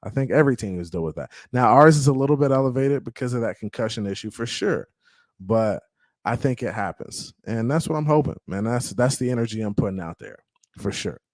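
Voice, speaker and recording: A man hosts a fan livestream in casual, slang-heavy talk and reads out the live chat. His pitch sits in an ordinary middle range. The sound is dry and close, with almost no room around it. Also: expressive, brisk, a little mellow, no room sound. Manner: hyped, slangy, greets chatters by name. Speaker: fan podcast host reading live chat.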